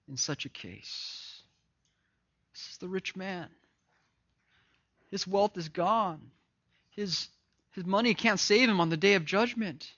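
A man preaching an impassioned sermon that swings between loud emphasis and hushed, grave lines, often repeating words. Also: a little high, measured pace, long pauses. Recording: dull lo-fi recording.

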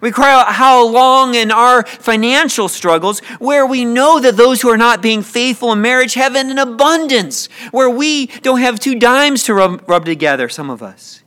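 A man's voice: very high-pitched, expressive, moderate pace, few pauses, bright, forceful tone, clean tone. A man preaching a sermon with passion, often repeating words as he builds a point.

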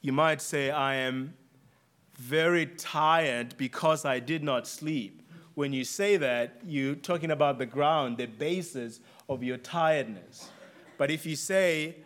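A man with a non-native English accent preaches in a fairly high, fairly bright voice. He is earnest and emphatic, deliberately repeating key phrases to give them weight.

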